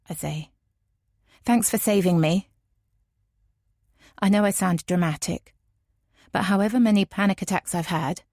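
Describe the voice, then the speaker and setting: A woman narrating a first-person audiobook in a measured, tense way. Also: on the low side, gravelly, darkish tone, no echo, studio quality.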